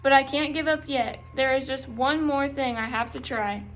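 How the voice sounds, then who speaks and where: A woman's voice: high-pitched, moderate pace, a bit bright, slight background noise. A woman reading as a restless pet dog dreaming of wolves. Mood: eager. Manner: plain storybook reading of the dog's lines. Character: young male dog longing to be a wolf.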